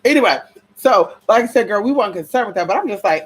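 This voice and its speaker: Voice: mid-range voice, lively intonation, rapid-fire, slightly rough. A vlogger telling a story in a casual, profane, chatty way, calling viewers y'all, girl and honey.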